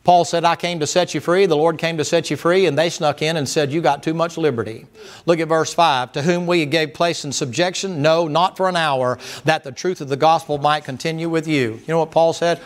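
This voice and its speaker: A man preaches to his congregation in a folksy, emphatic style, leaning on rhetorical questions and plain colloquial grammar. His voice sits a little higher than most men's. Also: brisk. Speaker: pastor. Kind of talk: sermon.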